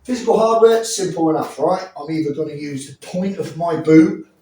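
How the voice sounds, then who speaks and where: A man's voice: fairly high pitch, normal speed, warm tone, distant mic. A man teaching self-defense moves, blunt and profane, often checking in with the listener. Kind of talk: demonstration teaching. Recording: echoey room, off mic, faint ambience.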